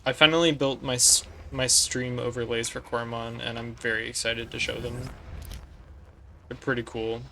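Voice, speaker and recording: There's slight background noise as a man with a gravelly, bright, forceful mid-range voice streams a strategy game at a moderate pace with little pitch movement. He explains his tactics analytically while playing, chatting casually with viewers between moves.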